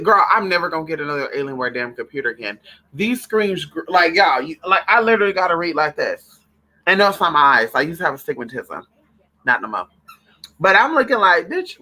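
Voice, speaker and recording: A vlogger in a casual, profane rant to the camera, breaking off to call to their own dogs. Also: medium pitch. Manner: animated, profane, talks to own dogs between remarks.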